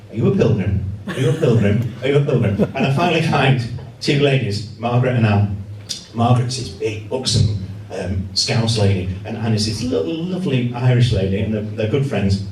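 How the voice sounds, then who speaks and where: A man's voice: mid-range voice, a little hiss or hum. A man, a journalist, telling self-mocking humorous stories as a guest speaker to a laughing audience in a hall. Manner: lively storytelling, self-mocking. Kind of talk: humorous after-dinner talk. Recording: roomy hall heard from a distance.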